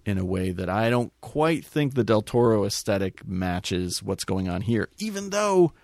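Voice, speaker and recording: A man co-hosting a casual movie chat, animated and swearing freely, speaking in quick bursts. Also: lowish voice, no echo, studio quality. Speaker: podcast co-host.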